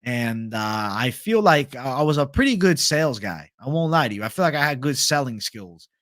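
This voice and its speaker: A man's voice: mid-range voice, big pitch swings, moderate pace, a bit bright, no room sound, clean studio sound. A young man hosting a live stream, reading viewer comments in a laid-back, chatty, profane way. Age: young adult. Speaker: host.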